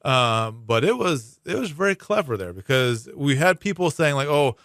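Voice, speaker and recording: A man's voice: mid-range voice, big pitch swings, normal speed, fairly bright tone, dry recording. Man explaining things, dry studio. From Hawaii. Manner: chatty, explanatory, many fillers and restarts. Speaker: prosecuting attorney guest. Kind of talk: casual radio interview. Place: radio studio.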